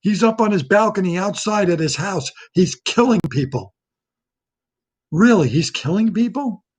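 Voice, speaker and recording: A man delivers a comic political rant straight into his webcam. His voice is husky and sits a little high for a man. He talks in a heated, indignant way and circles back over the same points again and again. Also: lively intonation, normal speed. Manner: heated, repetitive, indignant ranting. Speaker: comedic ranter. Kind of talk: satirical political rant to camera. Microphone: webcam or laptop camera.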